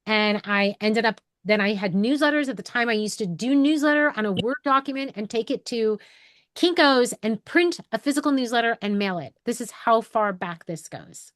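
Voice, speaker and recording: A woman's voice: fairly high pitch, lively intonation, moderate pace, no echo. Brief: woman, 40s, from New York, candid rambling talker, dry close sound. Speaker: photographer and educator hosting a live call. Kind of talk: casual personal storytelling to an online group.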